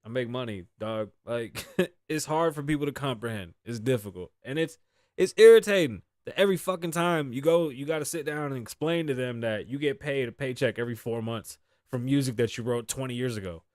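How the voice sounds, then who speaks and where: A man's voice: medium pitch, lively intonation, fairly quick, darkish tone, no echo, studio quality. A man hosting his live show, talking casually and profanely, telling stories with sighs and laughs. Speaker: host. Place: Las Vegas.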